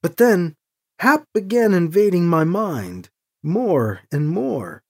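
A narrator playing a calm, earnest woman. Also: lowish voice, takes it slowly, husky, exaggerated voice. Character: calm young mother rescuing a prisoner.

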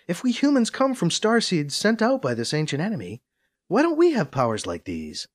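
A man's voice: high voice, huge pitch swings, normal speed, voice pushed up, full character voice. An audiobook woman, doubtful and dry, with a sarcastic edge. She is read by a man in his own voice. Her lines rise and fall a lot. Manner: sarcastic, grumbling. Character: skeptical sarcastic woman on a team.

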